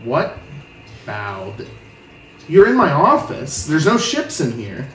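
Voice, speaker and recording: A man's voice: fairly high pitch, huge pitch swings, slow pace, a bit bright, faint music behind, full character voice. A man voicing a bossy human male dock master who barks orders, hesitant and full of fillers, heard with a roomy echo from off the mic. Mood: gruff.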